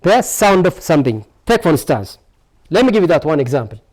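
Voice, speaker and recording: A man's voice: a little high, big pitch swings, fairly quick, darkish tone. A male English teacher with an Ethiopian accent giving a broadcast lesson, repeating words and answering his own questions. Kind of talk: televised classroom lesson.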